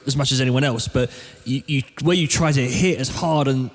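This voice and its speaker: A man with an Essex accent hosting a podcast, talking in a relaxed, reflective way about drumming. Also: medium pitch, a little fast, big-room sound. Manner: relaxed, reflective, searches for words. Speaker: podcast host. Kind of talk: casual interview chat.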